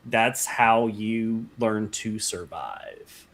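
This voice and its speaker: A man's voice: on the low side, expressive, very slow, creaky, fairly bright tone. A man on a stream, talking in a supportive, emphatic and reassuring way. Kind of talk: casual chat.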